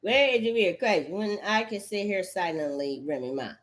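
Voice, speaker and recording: A woman's voice: medium pitch, moderate pace. A woman in a rambling, profane monologue, full of cursing and repetitive outbursts.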